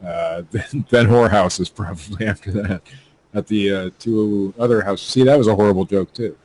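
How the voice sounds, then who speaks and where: A man's voice: on the low side, moderate pace, a little mellow, slight background noise, poor audio. A man hosting a podcast, reading news stories aloud with stumbling, joking asides. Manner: stumbling, laughing at his own jokes. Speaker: podcast host.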